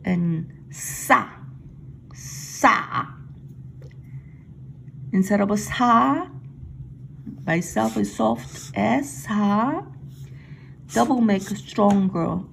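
A woman's voice: mid-range voice, vocal fry, slight background noise, rough recording. A middle-aged woman from Korea with a Korean accent, teaching the Korean alphabet and patiently repeating each sound. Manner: patient, repeats sounds slowly and stresses them. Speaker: language teacher. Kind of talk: slow Korean alphabet lesson.

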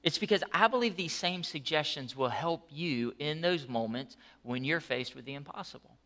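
A man preaching a sermon as pastor, telling the story in an animated, conversational way with asides. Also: on the high side, normal speed.

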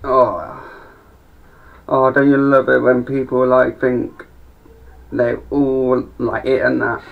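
Young man, gravelly voice, sweary rambling stand-up, dull lo-fi sound. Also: mid-range voice, steady tone, slow. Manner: rambling, sweary, mumbling asides. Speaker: amateur comedian. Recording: dull lo-fi home recording.

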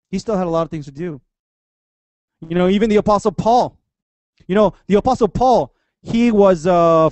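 A man's voice: high voice, a little mellow, dry recording. A man in his thirties, a pastor giving a chatty sermon, joking and acting out the people in the stories. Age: 30s. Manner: chatty and joking, acts out voices of the story. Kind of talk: casual sermon.

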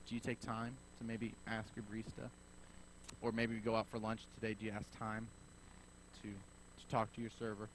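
A man preaching a sermon as pastor, telling a story in a lively way and acting out both sides of the conversation. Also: lowish voice, slight background noise, low-quality recording. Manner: animated storyteller acting out dialogue.

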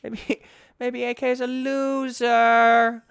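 A young man giving let's-play commentary, tired and yawning, breaking into excited yelps and shouts. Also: very high voice, slow pace, creaky, clean tone, dry recording. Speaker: gaming YouTuber.

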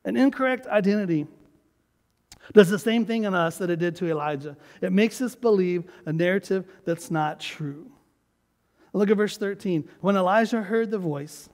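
A man with a high voice preaches in a church sanctuary, his words ringing out with a long reverb. He is emphatic and calls on the congregation to repeat after him. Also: moderate pace. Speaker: pastor. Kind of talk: sermon.

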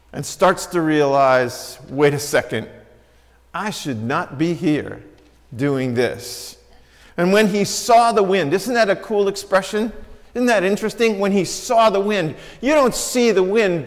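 A man preaching a sermon as pastor, telling a Bible story and acting out the quoted lines with changes in pitch and loudness. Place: church sanctuary. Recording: church sanctuary with long reverb.

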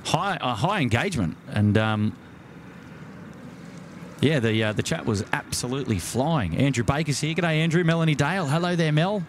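A man's voice: fairly high pitch, lively intonation, moderate pace, slight background noise. An Australian man hosting a live stream outdoors at night by the water, chatting casually and greeting viewers by name with plenty of fillers.

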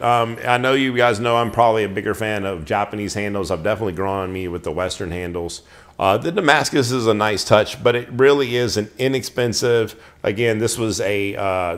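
A man hosting a show, giving a casual, chatty product review full of ums and restarts. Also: lowish voice. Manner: chatty, filler-heavy, restarts sentences.

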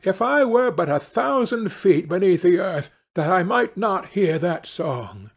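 A man's voice: high-pitched, huge pitch swings, a little slow, breathy edge, pitched above the performer's own voice, full character voice. A man doing a fretful, guilt-haunted stepmother. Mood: despairing. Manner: fretful and pleading. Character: guilt-ridden, fearful wicked stepmother.

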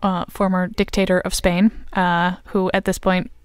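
Woman rambling thru some history on a podcast, smooth clear voice, super dry close mic. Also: fairly low pitch, flat delivery, moderate pace, dry recording. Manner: explains at length with many ums and uhs. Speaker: podcast co-host. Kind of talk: casual history podcast chat.

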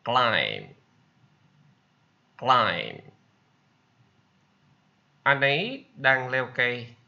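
A man's voice: medium pitch, wildly swooping pitch, extremely slow, vocal fry, bright, forceful tone, lo-fi sound. A man teaching English vocabulary, repeating each word and sentence for learners to copy. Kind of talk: vocabulary drill lesson.

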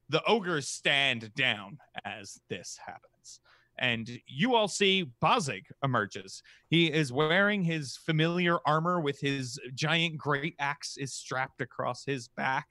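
Bright-voiced male game master. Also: medium pitch, takes it slowly, no echo. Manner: casual, lively narration with many fillers. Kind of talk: narrating a tabletop game.

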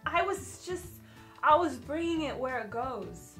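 A woman's voice: sits high, expressive, a little slow, fairly bright tone, faint music behind, exaggerated voice. A tipsy woman voicing a drunk young male fighter who groans, mumbles and slurs his words. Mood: drunk mumbling. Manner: slurred, mumbling.

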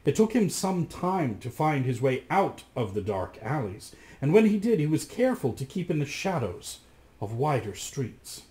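A male storyteller reading an old fairy tale aloud, his pitch rising and falling in lively swings. He tells it with dramatic, expressive flair. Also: normal speed.

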